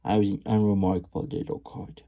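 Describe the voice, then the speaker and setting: Guy reading as a show-off big cheese from a storybook, low gravelly husky voice, bragging away. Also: level tone, a little fast, warm tone, lo-fi sound. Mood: boastful. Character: boastful giant talking cheese wheel, male.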